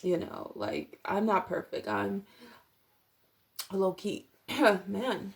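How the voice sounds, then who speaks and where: A young woman does a casual tarot reading into her camera at home. Her voice has a gravelly, creaky edge and sits at an ordinary pitch. She rambles, piles on fillers and keeps breaking off to apologize. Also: slow pace. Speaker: tarot reader.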